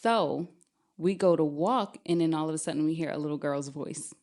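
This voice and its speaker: A young adult woman telling a true spooky story on a podcast, lively and often laughing as she talks. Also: deep voice, normal speed.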